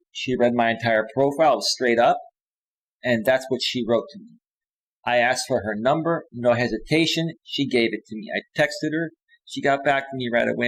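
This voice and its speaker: A middle-aged man hosts a live stream as a dating coach, his voice sitting in a middle pitch. He tells stories with animation and gets louder and higher when reading messages aloud. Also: poor audio. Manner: animated storytelling, reads messages aloud in a raised voice.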